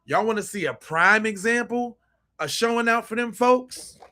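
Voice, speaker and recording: A man's voice: sits high, normal speed, pushed and bright. A man hosting a podcast, giving blunt, profane commentary on video clips and often repeating and restarting his phrases. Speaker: podcast host.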